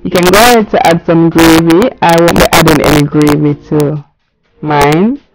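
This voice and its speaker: A woman's voice: low voice, steady tone, normal speed, very noisy. A woman giving a casual cooking voice-over, chatty and talking straight to her viewers. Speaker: cooking channel host.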